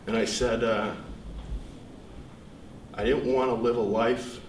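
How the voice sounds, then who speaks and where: A man's voice: medium pitch, steady tone. Earnest young man in an echoey room. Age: young adult. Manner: earnest and reflective, with pauses. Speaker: student speaker. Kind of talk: earnest seminar speech. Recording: echoey room, distant mic, faint hiss.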